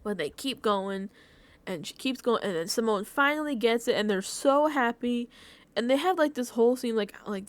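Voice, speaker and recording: A woman vlogger recapping a reality show in a casual reaction chat, talking emotionally and effusively, full of "like" and breaking into laughs. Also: a little high. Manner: effusive, emotional, filler-heavy with frequent "like"; laughs between phrases.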